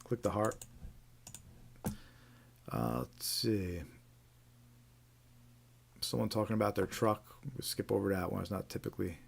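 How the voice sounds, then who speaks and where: A man's voice: on the low side, measured pace, vocal fry, pauses often, a little hiss or hum. A man hosting a live stream, casually reading out reports with frequent fillers and restarts. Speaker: host.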